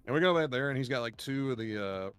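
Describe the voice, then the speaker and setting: A podcast co-host rambles through stories in a casual chat, his mid-range voice fast, animated, clear and resonant over soft background music. He swears freely and laughs as he tells his tales.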